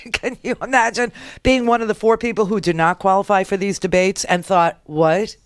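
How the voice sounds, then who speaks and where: A woman's voice: medium pitch, fairly even intonation, moderate pace. A middle-aged woman hosting a political talk radio show, sarcastic and rambling, with laughing asides.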